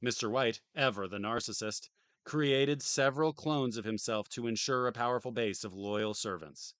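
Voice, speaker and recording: A man's voice: mid-range voice, moderate pace, a bit bright, smooth, dry recording. Tired man reading aloud, dry jokes. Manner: dry, joking asides between read passages. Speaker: streamer reading a game manual. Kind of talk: casual live-stream reading with asides.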